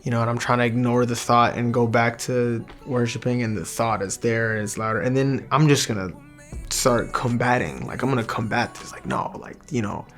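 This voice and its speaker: A young man telling his personal faith testimony in an earnest, halting way, often restarting his sentences. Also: medium pitch, steady tone, fairly bright tone, faint music behind. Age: young adult. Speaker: testimony speaker.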